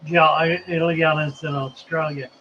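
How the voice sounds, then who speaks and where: A man hosts a relaxed live stream, reading out viewer comments and musing between them. He speaks slowly in a somewhat high voice. The audio is slightly dull, with a faint hiss behind it. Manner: unhurried and chatty, musing aloud.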